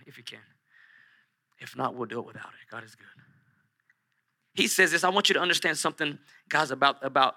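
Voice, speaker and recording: A male pastor preaching a sermon in an animated way, repeating lines for emphasis. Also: on the high side.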